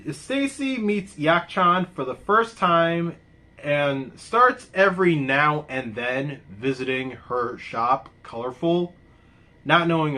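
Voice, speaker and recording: Casting note: man, reviewer, rambling casual talk, lively and unhurried delivery. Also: on the high side. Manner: rambling, laughs often, exclaims loudly.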